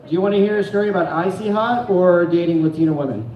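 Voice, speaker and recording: A man's voice: high voice, fast talker, echoey room, dull audio. A young man from Phoenix doing stand-up storytelling, rambling and profane, with a self-deprecating streak, on a comedy club stage. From Phoenix, Arizona.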